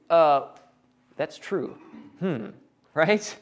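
Man preaching, higher pitch, animated, playful asides, acts out characters. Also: moderate pace. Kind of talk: sermon with acted Bible quotes.

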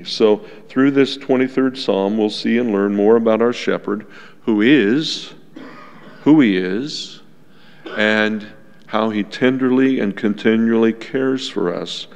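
A male pastor preaching a sermon to his congregation in a gentle, unhurried teaching tone, with asides to the listeners. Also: lowish voice, vocal fry. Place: church sanctuary. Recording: long church reverb.

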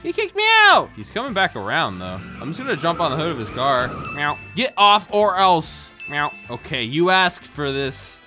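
A young man doing playful, joking gameplay commentary as a gaming YouTuber, often breaking into shouts. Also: on the high side, huge pitch swings, moderate pace, hardly any pauses, faint music behind.

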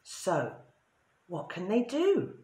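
Expressive woman telling a children's story. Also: medium pitch, drawn-out words. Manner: expressive, sing-song storytelling. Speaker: children's English teacher. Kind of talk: reading a story aloud to children. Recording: roomy echo.

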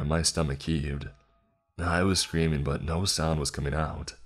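Very deep-voiced male horror narrator.

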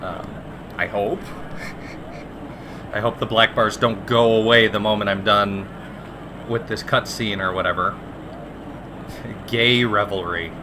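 A man casually commenting on a game, reading its lines aloud, swearing and joking with sudden loud outbursts. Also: lowish voice, takes it slowly, pauses often, noisy background. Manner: profane, joking, animated outbursts. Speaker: let's play commentator.

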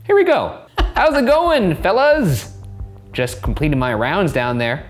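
A man putting on a high, chirpy goblin schemer. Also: huge pitch swings, takes it slowly, faint music behind, heavily acted. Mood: breezy. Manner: breezy, overly friendly, feigning innocence. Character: sly chatty male goblin, scheming and cheerful.

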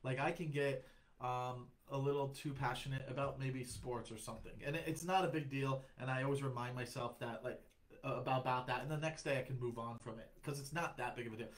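A man's voice: mid-range voice, fairly even intonation, a little fast, low-quality recording. A young man chatting on a comedy podcast as a guest, rambling and reflective, with many restarts. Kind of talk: casual podcast chat.

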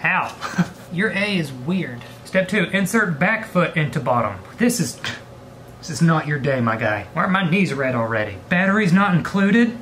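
Animated young man joking to a prop. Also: fairly high pitch, moderate pace, slight background noise. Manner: playful, jokey asides to an object. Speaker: vlogger. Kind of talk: comedic vlog, talking to a prop.

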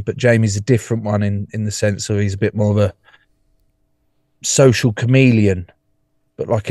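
A man's voice: on the low side, dark tone, dry recording. English bloke swearing n teasing the lads, dry close sound, video call from his car. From England. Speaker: guest. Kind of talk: casual chat.

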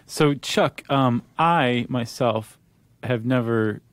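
A man's voice: medium pitch, slow pace, dry recording. A man co-hosting a podcast, chatting casually with wry, teasing banter on a studio microphone. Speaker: podcast co-host. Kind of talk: casual chat.

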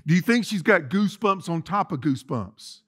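A male preacher delivering a sermon, his voice high and lively, rising and falling across a wide range. He drops to quiet asides and then swells into loud declarations. His tone is bright and ringing. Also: fairly quick, breathy edge. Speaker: lead pastor. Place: church sanctuary.

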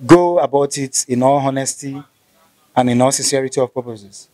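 Nigerian male interviewer, polite and measured, mid pitch. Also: warm tone, no room sound. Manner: polite, measured, stumbles when improvising. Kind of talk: casual interview questions.

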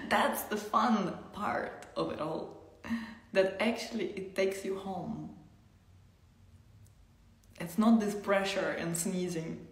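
A woman giving a spiritual tantra teaching, speaking softly, often dropping to a whisper, with laughs between thoughts. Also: medium pitch, extremely slow, long pauses, echoey room.

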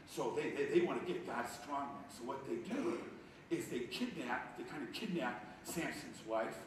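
A male pastor from Ohio preaching a sermon, swinging between loud bursts and hushed asides. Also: medium pitch, far from the mic, slight background noise. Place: church sanctuary. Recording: echoey hall, picked up from afar.

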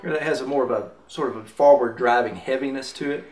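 A man's voice: mid-range voice, fast, darkish tone. A man teaching mandolin rhythm, talking in an easy way while he demonstrates and counts beats aloud. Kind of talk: instructional demonstration. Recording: roomy, off-mic with mandolin playing. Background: mandolin music.

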